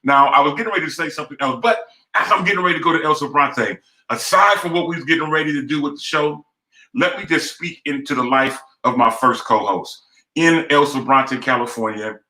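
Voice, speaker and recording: A man hosts a live online talk show, his voice bright and forceful. He builds his lines in emphatic, rhythmic runs like a preacher. The sound carries a roomy echo. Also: a little high, animated, normal speed. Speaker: host.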